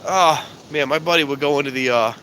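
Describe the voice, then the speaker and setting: Streaming live from a phone held in his hand, a male host with a somewhat high, brisk voice wanders from the cold night outdoors into an elevator. He rambles and cracks jokes while repeatedly saying he's about to wrap up, with roomy echo and noticeable background noise around him.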